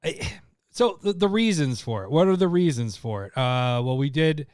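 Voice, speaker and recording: A man's voice: a little high, animated, moderate pace, a little mellow, clear, resonant tone, no room sound, studio quality. A young man co-hosting a podcast in casual chat, often laughing and rambling as he talks. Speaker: podcast co-host.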